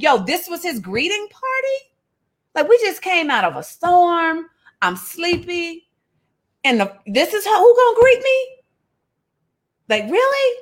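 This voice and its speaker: A woman's voice: high-pitched, fairly bright tone. A woman teaching a Bible passage in a casual, slangy, storytelling sermon.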